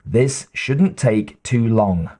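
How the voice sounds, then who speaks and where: A man reading an audiobook in a measured, even narration. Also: on the low side.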